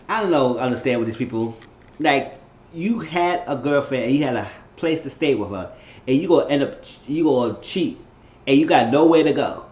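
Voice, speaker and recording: A man's voice: mid-range voice, lively intonation, moderate pace. A man reviewing a TV episode on his channel in a casual, loose and rambling way, with restarts. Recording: roomy, slightly dull home recording.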